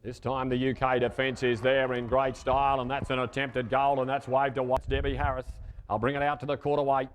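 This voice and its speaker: A man giving live play-by-play commentary on a horseback ball game, calling names quickly with fillers and rising to shouts at goals. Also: medium pitch, flat delivery, clean tone. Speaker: sports commentator.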